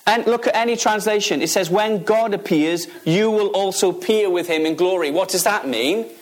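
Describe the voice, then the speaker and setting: A man's voice: sits high, normal speed. A man preaching a sermon, emphatic, asking the audience questions and repeating key phrases.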